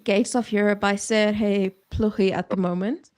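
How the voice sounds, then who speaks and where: A woman's voice: medium pitch, steady tone, normal speed, a little mellow. A woman co-hosting a casual video-call chat, talking in a chatty way with lots of asides. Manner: chatty, full of fillers and asides. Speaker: co-host.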